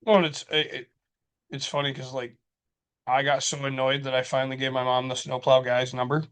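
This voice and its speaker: A man's voice: medium pitch, fairly quick. A man from Michigan co-hosting a podcast, ranting in casual chat with lots of swearing and quoted back-and-forth. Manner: rants with swearing, quoting others in animated bursts. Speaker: podcast co-host.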